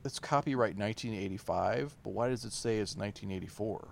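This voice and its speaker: A man's voice: fairly low pitch, fast, gravelly, a little hiss or hum. A man co-hosting a casual movie commentary, making dry, laid-back remarks. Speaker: podcast co-host.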